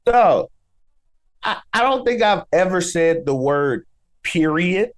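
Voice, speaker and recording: A man with a Chicago accent chatting casually as a podcast guest, easygoing and relaxed. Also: high-pitched, slow. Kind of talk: casual chat.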